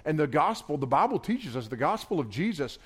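Guy preaching at a marriage conference, chatty, gets loud then drops real quiet. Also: on the high side, very animated, fairly quick, breathy edge. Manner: conversational preaching with loud bursts and soft drops. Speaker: pastor. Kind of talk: sermon.

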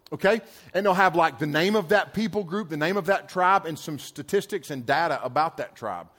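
A man, a pastor, giving a sermon in a church service with chatty, storytelling asides and slang. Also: on the high side. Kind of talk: sermon to a youth audience.

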